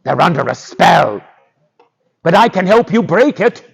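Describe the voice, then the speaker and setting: A man's voice: sits high, sing-song, a little slow, creaky, slightly rough, exaggerated voice. A man doing a starving, demanding wolf.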